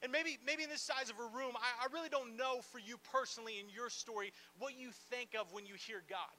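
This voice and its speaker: A man delivers a sermon in a strikingly high voice with a sharp, bright edge. He talks to the congregation in a loose, conversational way, full of playful asides and "like" fillers, and stays animated throughout. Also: fairly quick, a little hiss or hum. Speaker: pastor. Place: church gathering in a large room.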